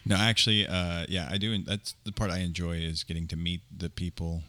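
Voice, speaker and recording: A man, a touring comedian, chatting casually with dry, deadpan jokes. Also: deep voice, fairly quick, no room sound. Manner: dry joking, deadpan quips. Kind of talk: casual chat.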